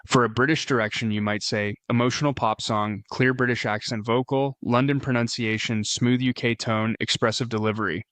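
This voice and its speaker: A man giving a scripted tutorial voice-over, explaining steps in a steady, explicit way. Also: mid-range voice, fairly quick, hardly any pauses, no room sound. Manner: steady, explicit step-by-step instruction. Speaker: tutorial narrator.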